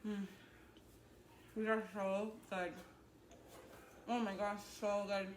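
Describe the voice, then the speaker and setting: A woman's voice: mid-range voice, little pitch movement, takes it slowly, reverberant, slight background noise. A woman hosting a casual home baking show, chatty and upbeat as she walks viewers through each step. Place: home kitchen.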